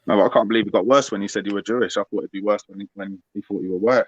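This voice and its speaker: A man co-interviewing on a podcast in casual chat, polite and quick to apologize. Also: on the low side, steady tone, husky, dry recording, highs cut off. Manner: laughs easily, polite, apologetic.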